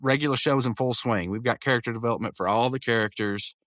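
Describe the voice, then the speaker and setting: A man hosting a podcast, eagerly retelling a cartoon episode with stammered restarts and quick character impressions. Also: mid-range voice, fairly bright tone, dry recording. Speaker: podcast host. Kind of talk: casual episode review.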